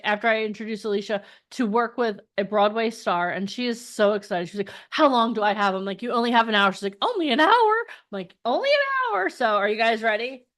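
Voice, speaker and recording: A woman's voice: medium pitch, a bit bright. A woman hosting a live virtual event, upbeat and chatty, leading the audience in an energy exercise. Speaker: event host.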